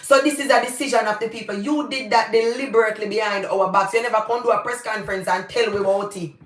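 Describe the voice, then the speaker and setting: A woman's voice: mid-range voice, fairly even intonation, fast. Fiery Jamaican woman ranting in a roomy space. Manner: passionate, emphatic, mixing in patois. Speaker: channel host. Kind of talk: opinionated live commentary.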